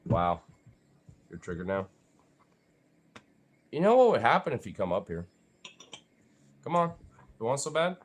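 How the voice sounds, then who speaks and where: A young man rambles casually to his dogs, swearing freely and filling his talk with "like" and "you know". His voice sits at a middle pitch but swings up and down a lot. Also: big pitch swings, measured pace, long pauses. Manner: rambling, profane, full of fillers. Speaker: vlogger.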